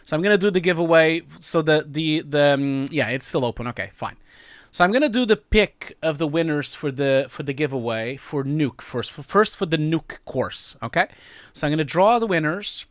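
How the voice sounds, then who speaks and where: A man's voice: on the high side, animated, moderate pace, dry recording, studio quality. A man in his forties hosting his own livestream, chatty and emotional, laughing often as he reads messages. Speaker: channel host. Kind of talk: casual livestream chat.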